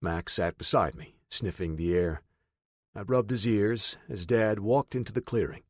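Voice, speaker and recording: A man's voice: fairly low pitch, unhurried, dry recording, studio quality. A man narrating a first-person audiobook in a plain, matter-of-fact way.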